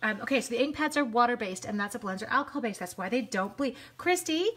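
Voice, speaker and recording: A woman hosting a live craft stream, chatting to viewers as she colors, quick to gush and laugh. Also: fairly high pitch, slightly rough. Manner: chatty, excitable, talks to viewers while coloring.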